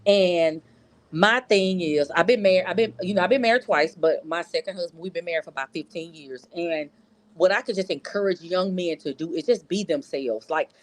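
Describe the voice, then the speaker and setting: A woman's voice: on the low side, normal speed. Middle-aged woman calling in, earnest. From North Louisiana. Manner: earnest, repeats words while searching for them. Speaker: caller. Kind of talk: casual call-in chat.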